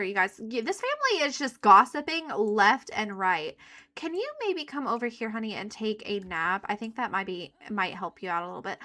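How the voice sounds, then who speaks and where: A young woman chatting excitedly to her viewers as she plays a life-sim game, thinking out loud and gasping at surprises. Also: a little high. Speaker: gaming YouTuber. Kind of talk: let's play commentary.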